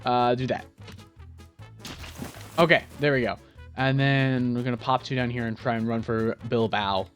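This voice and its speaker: A man hosting a gaming video, commenting on strategy gameplay in an excitable, jokey, self-mocking way. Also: mid-range voice, normal speed, long pauses, faint music behind. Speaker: gaming channel host.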